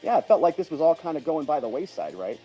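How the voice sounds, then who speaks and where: A man's voice: on the high side, sing-song, quick pace, dark tone, husky, muffled recording, faint music behind. A man hosting a casual livestream, chatty and chuckling as he thanks viewers by name and reacts to their comments. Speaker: livestream host.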